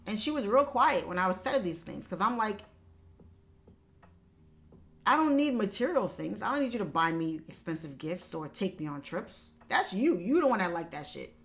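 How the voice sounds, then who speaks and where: A woman's voice: mid-range voice, animated, normal speed, a bit bright. A young woman livestream host telling a personal family story in casual talk, candid and emphatic, swearing freely. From Haitian family background.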